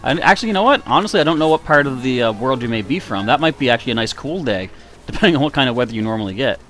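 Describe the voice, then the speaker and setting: A man's voice: medium pitch, expressive, rapid-fire, a bit bright. A man streaming a video game live, chatting casually with viewers in a self-mocking way, with a slightly nasal voice. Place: warm room indoors.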